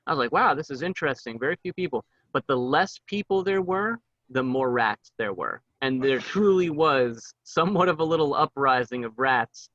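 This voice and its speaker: A man in a casual podcast chat, explaining something in a measured way. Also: medium pitch, lively intonation, fairly bright tone, no room sound, lo-fi sound.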